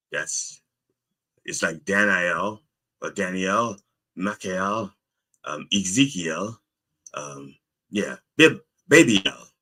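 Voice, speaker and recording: A man's voice: low-pitched, sharp tone. A man giving a playful, comedic sermon, explaining a story with chatty asides. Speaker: preacher.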